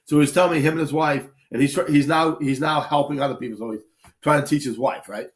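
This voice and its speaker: A man's voice: a little high, steady tone, quick pace. A man hosting a casual livestream as a shooting instructor, blunt and swearing freely as he tells stories. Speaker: shooting instructor and stream host.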